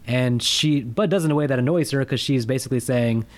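A man's voice: mid-range voice, a little fast, slight background noise. A man co-hosting a casual movie review podcast, joking and ranting with rising emphasis. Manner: animated, jokey, rants with rising emphasis. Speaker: podcast co-host.

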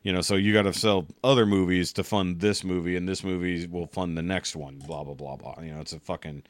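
A man's voice: sits low, steady tone, brisk, dry recording. A man hosting a podcast, talking casually in a blunt, rambling way with frequent swearing. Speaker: podcast host. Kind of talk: casual chat.

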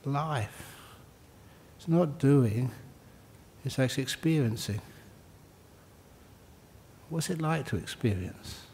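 Older male monk, dharma talk, mellow dark tone, relaxed and joking, repeats lines for emphasis. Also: mid-range voice, slow, creaky, pauses often. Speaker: Buddhist monk teacher. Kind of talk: dharma talk answering questions.

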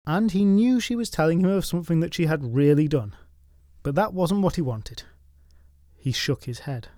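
A man narrating folklore stories from a script, with wry, deadpan asides. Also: a little high, normal speed, dry recording, clean studio sound. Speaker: storytelling podcast host.

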